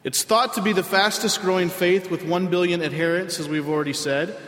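A man, a pastor giving a sermon in a conversational way with frequent filler pauses. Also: high voice, steady tone, a bit bright. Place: church sanctuary. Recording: roomy hall with long reverb.

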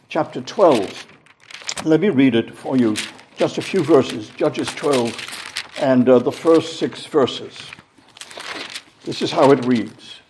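A man preaching a sermon, reading scripture aloud in a measured, deliberate way and leaning hard on key words. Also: a little high, darkish tone, a little hiss or hum.

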